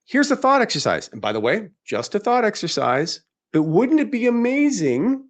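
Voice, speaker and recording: A man's voice: high-pitched, sing-song, normal speed. A man hosting a live webinar, talking in an emphatic, rhetorical way and firing off questions that he answers himself. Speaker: webinar host.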